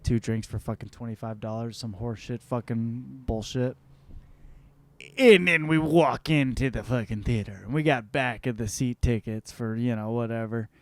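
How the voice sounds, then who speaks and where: A man's voice: mid-range voice, moderate pace, no echo. A young man hosting a show, telling a rambling, profane story in a casual comedic monologue. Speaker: host.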